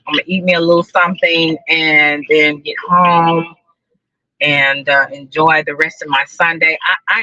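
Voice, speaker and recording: A woman's voice: low-pitched, bright, forceful tone, no echo, lo-fi sound. A woman live-streaming casual chat to her viewers from a parked car, talking freely, repeating herself and laughing often. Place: parked car outside a building.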